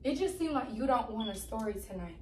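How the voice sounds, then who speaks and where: A woman vlogger talking casually and teasingly, sometimes dropping into a hushed, spooky storytelling voice. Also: a little high, lively intonation, brisk, echoey room, a little hiss or hum, low-quality recording. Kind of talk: casual prank vlog chat.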